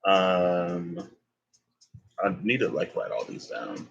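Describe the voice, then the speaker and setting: A man's voice: deep voice, big pitch swings, takes it slowly, creaky, a bit bright, dull audio. A young man giving a casual tarot reading, rambling and thinking aloud as he corrects himself. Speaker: tarot reader.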